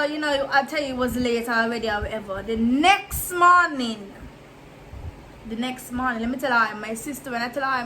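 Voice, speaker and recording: Woman vlogger, casual storytime delivery, chatty and emphatic, fairly high and bright. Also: a little hiss or hum, low-quality recording. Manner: chatty, repetitive, emphatic storytelling with asides to viewers.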